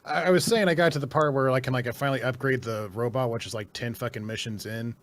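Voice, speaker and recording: A man's voice: medium pitch, steady tone, quick pace. Rambling young man on a podcast. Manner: rambling, lots of fillers and swearing, laughs often. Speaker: podcast co-host. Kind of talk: casual podcast chat.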